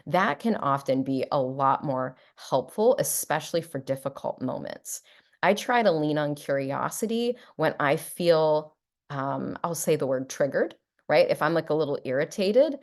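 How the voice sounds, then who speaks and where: A middle-aged woman psychologist giving a talk, playful and warm, often acting out example phrases in a lighter voice. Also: deep voice, gravelly. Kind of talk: presentation to an audience.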